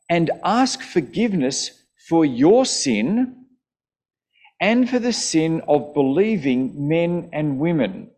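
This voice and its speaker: Slow, deliberate male preacher. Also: fairly high pitch, darkish tone. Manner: slow, deliberate preaching with emphatic quoted lines. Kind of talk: sermon.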